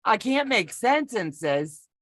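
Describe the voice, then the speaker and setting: Speaking slowly in a mid-range voice with big pitch swings, a woman gives a rambling personal account during casual chat. She co-hosts a sewing pattern walk-through from home over video call, chatty and folksy with self-deprecating humor; the recording is dry and her tone fairly bright.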